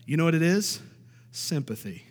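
A man preaching with a high-pitched, emphatic delivery, driving points home by repeating them and asking for amens. His voice rings out with the long reverb of a large church hall. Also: sing-song, normal speed. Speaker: pastor. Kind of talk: sermon.

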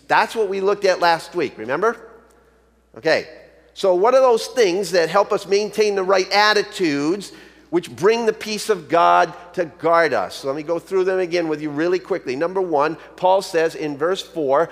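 A man's voice: high-pitched, moderate pace, vocal fry. A male pastor preaching a sermon in a conversational, storytelling way. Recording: long hall reverb.

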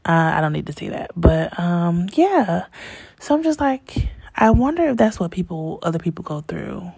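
A woman recounts a personal story in a candid, chatty way, sometimes dropping to hushed asides. Her voice sits low with a gravelly, husky edge. The recording is close and dry. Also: big pitch swings, normal speed, no room sound. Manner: chatty, full of fillers, drops into hushed asides.

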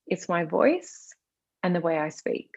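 Australian woman, low, gravelly and husky, even delivery, dry dull recording; casual chat. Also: unhurried, no room sound. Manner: calm, soft-spoken and even. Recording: slightly dull lo-fi sound.

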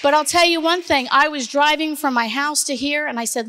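A middle-aged woman giving a chatty, animated devotional talk to a women's group, joking with her listeners as she goes. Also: high voice, a little fast, few pauses. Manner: chatty, animated, jokes with the audience. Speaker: women's ministry speaker. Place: room at a women's event. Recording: long hall reverb.

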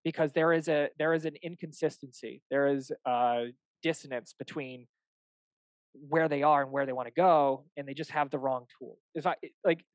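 A young man talks shop as a fitness coach, animated and loose, slipping into quick acted-out exchanges with clients. His voice sits a touch high for a man. The sound is dry and close with no room around it. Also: no room sound, poor audio. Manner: animated, acts out client dialogues, swears casually. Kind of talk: casual podcast chat.

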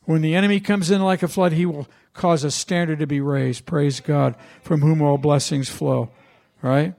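Pastor guy preaching, gravelly voice, a bit high for a man, chatty storytelling. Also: fairly even intonation, moderate pace, darkish tone. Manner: conversational storytelling preacher, asks the congregation questions. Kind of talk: sermon.

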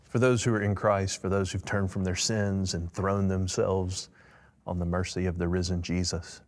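A man's voice: low-pitched, flat delivery, normal speed. A man answering in a preaching style, emphatic and fervent, rising on key words. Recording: long echo.

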